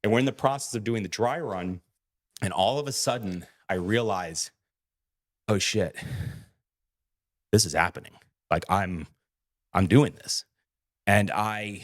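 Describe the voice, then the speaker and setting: A podcast co-host tells a story casually, acting out the quoted lines and swearing freely. His voice is fairly low and a little slow, with long pauses.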